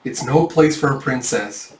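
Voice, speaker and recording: A man's voice: medium pitch, unhurried, a little mellow, a little hiss or hum, lightly acted. A man doing a snappy, exasperated young man. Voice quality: exasperated, curt. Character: young man, sharp-tongued, grumbling caretaker. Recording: echoey, distant mic.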